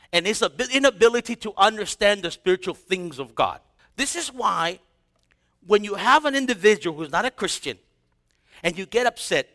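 Animated high-voiced pastor preaching. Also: male voice, long reverb tail. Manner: animated, acts out quotes in put-on voices, casual slang. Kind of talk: sermon.

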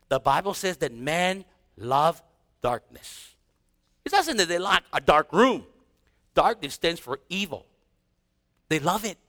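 Animated high-voiced pastor preaching. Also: male voice, in a large hall. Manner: animated, acts out quotes in put-on voices, casual slang. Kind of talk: sermon.

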